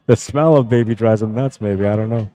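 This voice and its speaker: A relaxed young man talks his way through a pool match on his own live stream. His voice sits fairly low, and his delivery is loose and chatty as he calls the shots and greets viewers one after another. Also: poor audio. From Canada. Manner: laid-back, chatty, greets viewers by name. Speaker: pool tournament streamer and commentator. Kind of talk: casual live-stream commentary.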